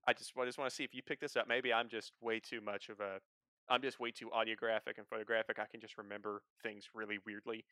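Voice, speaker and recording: A man's voice: lowish voice, level tone, quick pace, sharp tone, no echo. A man from the United States in a casual, enthusiastic fan discussion, rambling through details.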